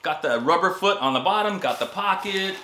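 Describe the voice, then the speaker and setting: A man's voice: high voice, lively intonation, brisk, bright, forceful tone, reverberant. A man talking casually to viewers as he reviews an electric guitar and shows its parts. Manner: chatty, addresses viewers as guys, demonstrates on guitar.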